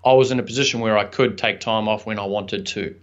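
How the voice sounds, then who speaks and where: A young man, an entrepreneur appearing as a podcast guest, tells a personal story in a lowish, steady voice, talking fast. He comes across earnest, reflective and chatty, with some fillers, and the lo-fi audio sounds slightly dull.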